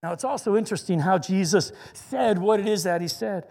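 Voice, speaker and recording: High-voiced man preaching earnestly. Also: mellow, in a large hall. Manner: earnest, slows down to stress scripture. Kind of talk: sermon.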